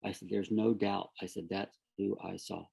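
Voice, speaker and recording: A middle-aged man with a gravelly, slightly husky voice tells his story in a relaxed, conversational way. He slips in and out of the voices of the people he quotes and keeps the telling lively. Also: sits low, normal speed. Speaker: guest sharing a near-death story.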